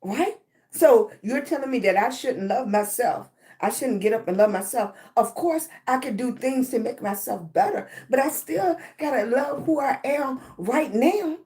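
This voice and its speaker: High-voiced woman giving a motivational talk. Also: expressive, unhurried, mellow. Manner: repetitive, keeps asking "right?". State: chest congestion, clearing her throat. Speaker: live stream host. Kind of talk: motivational live-stream talk.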